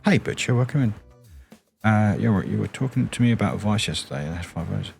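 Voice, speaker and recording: A British man streaming late at night with a deep, quiet morning voice, rambling and giggling as he answers his chat. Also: lively intonation, fast talker, gravelly, faint music behind.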